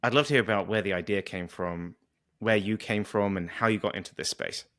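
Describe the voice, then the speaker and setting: A man's voice: fairly low pitch, a little fast, fairly bright tone. A British man hosting a casual podcast interview, chatty and enthusiastic with a joking streak. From Britain. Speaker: podcast host.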